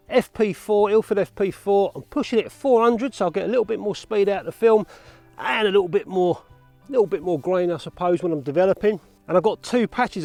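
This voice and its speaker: A man's voice: on the high side, darkish tone. A man chatting casually and upbeat to camera as a film photography vlogger.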